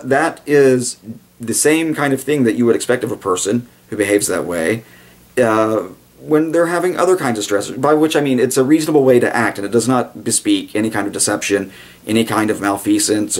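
A man's voice: medium pitch, moderate pace. A man giving a blunt, digressive video commentary, with sarcastic asides and sudden mock voices for the people he quotes. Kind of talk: casual commentary monologue.

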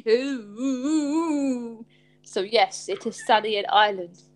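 A woman's voice: a little high, measured pace, a bit bright, rough recording. A woman hosting a live stream chat, rambling in an upbeat, sweary way.

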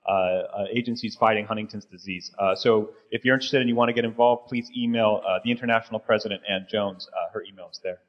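Fast-talking co-host man, dull sound. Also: lowish voice, steady tone. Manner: quick, with many fillers. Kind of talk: live conference roundup.

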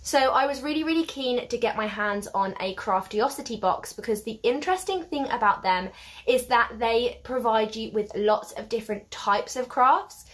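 Stuffy, slightly hoarse woman vlogging. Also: on the high side, normal speed. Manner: warm, effusive, apologetic asides. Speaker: craft vlogger. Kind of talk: chatty unboxing vlog.

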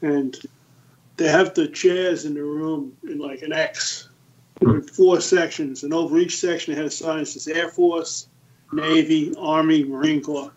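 A man in his sixties, a podcast guest, telling lively anecdotes in a casual storytelling style. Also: a little high, measured pace, muffled recording, slight background noise. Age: 60s. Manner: lively anecdotes, acts out the quoted voices.

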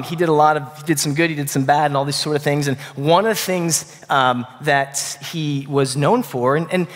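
A man preaching a sermon in a casual, conversational way, swinging between loud bursts and quiet, hushed passages. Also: mid-range voice, big-room sound. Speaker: pastor. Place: church sanctuary.

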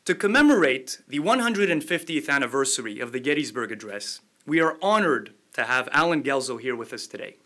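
A man's voice: mid-range voice, expressive, a little fast, few pauses, pushed and bright. A man with a slight accent hosting a formal lecture event, reading a famous speech aloud with oratorical emphasis. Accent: slight non-native accent, from Montreal area. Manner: oratorical, rising emphasis on key phrases. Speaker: event host, think tank director. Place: lecture hall.

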